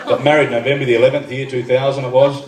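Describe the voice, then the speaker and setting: An Australian man in his thirties performs stand-up at a benefit night, tossing dry one-liners and asides to the crowd in a fast, medium-pitched voice with little pitch movement. It's captured on a distant phone in a noisy, echoey live room, with audience laughter and room noise behind him.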